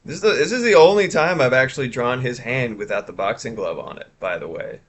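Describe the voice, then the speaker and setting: A man's voice: medium pitch, animated, a little fast. A man streaming live, chatting casually and rambling with chat while showing his art. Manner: rambling, chatty, self-interrupting.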